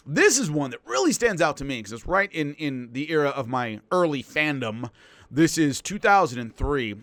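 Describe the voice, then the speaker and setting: Telling fight stories with animated emphasis and frequent restarts, this male combat sports analyst speaks in a fairly high pitch, with no echo on the recording.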